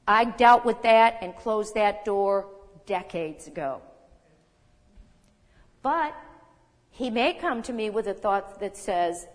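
A woman in her sixties teaching a sermon in a conversational, animated way, reading scripture aloud with emphasis. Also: mid-range voice, takes it slowly, long pauses. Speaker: Bible teacher. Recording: long hall reverb.

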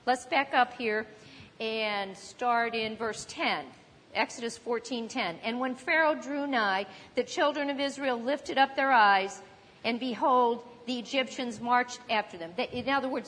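A woman's voice: on the high side, a little slow, fairly bright tone, a little hiss or hum. A woman preaching a sermon in a conversational teaching manner, now and then acting out panicked voices. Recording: long hall reverb.

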